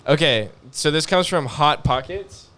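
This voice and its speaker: A man's voice: fairly high pitch, animated, unhurried, bright, forceful tone. A man hosting a casual podcast, reading out questions, laughing and repeating himself. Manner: loose, joking, laughs a lot, repeats himself. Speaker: podcast host. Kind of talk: casual chat.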